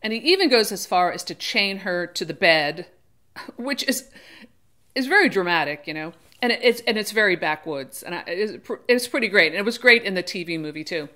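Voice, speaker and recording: On her own channel, a book reviewer chats through a book with lots of digressions, restarts, and self-corrections, briefly performing characters' voices. Her voice is lowish, expressive, bright and forceful, and she talks fairly quickly.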